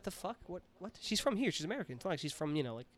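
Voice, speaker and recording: Fast-talking New man, joking podcast co-host. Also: sits high. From New York. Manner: joking, animated, swearing. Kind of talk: casual chat.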